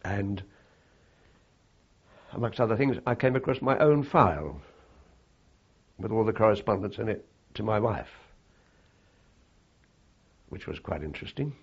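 An older man recalling his wartime service in a halting, reflective way, with frequent fillers and restarts. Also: on the low side, animated, husky, highs cut off. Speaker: interviewee. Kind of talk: oral history recollection.

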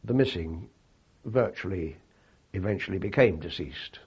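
An older man recalling his wartime service in a halting, reflective way, with frequent fillers and restarts. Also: deep voice, darkish tone, breathy edge, dull audio. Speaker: interviewee. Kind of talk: oral history recollection.

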